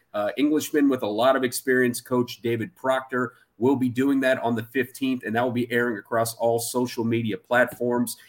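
A man with a mid-pitched voice co-hosts a casual baseball podcast. He talks in an upbeat, promotional way, with the easy flow of a play-by-play announcer.

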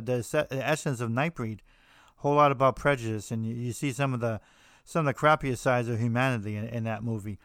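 A man's voice: medium pitch, fairly bright tone, no room sound, studio quality. An American man hosting a podcast, talking casually in a rambling way with frequent restarts and fillers. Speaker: podcast host. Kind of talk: casual monologue on horror films.

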